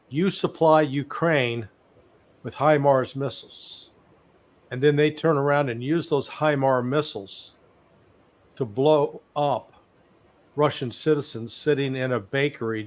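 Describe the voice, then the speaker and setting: A guest analyst in his sixties offers blunt, sarcastic commentary during a live interview, telling stories with animation. His voice has a medium pitch.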